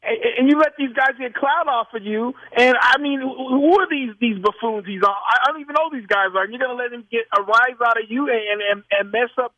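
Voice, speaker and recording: Male sports radio voice, very high, dry, ranting. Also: a little fast, few pauses, pushed and bright, no room sound, rough recording. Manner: exasperated ranting. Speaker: radio show co-host.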